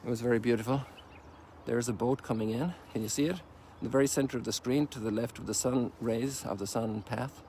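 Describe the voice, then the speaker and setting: A dark-toned, medium-pitched voice speaks a little fast, with some hiss or hum in the recording. It belongs to an Irish priest in his sixties musing informally on a sunrise walk, drifting into folksy asides.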